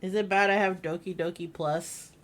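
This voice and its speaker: A woman's voice: lowish voice, steady tone, normal speed. A woman streaming a game, chatting casually, rambling through stories and laughing often.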